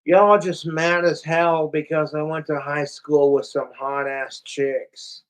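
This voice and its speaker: A man's voice: on the high side, little pitch movement, slow pace, smooth, low-quality recording. A young man ranting profanely and rambling on a casual livestream, talking straight to his chat.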